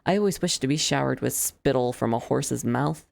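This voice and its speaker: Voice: mid-range voice, moderate pace, gravelly, darkish tone, no room sound. A streamer reading the lines of a sardonic young noblewoman villainess from a game, in dry, formal phrasing. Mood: wry. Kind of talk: reading game dialogue aloud.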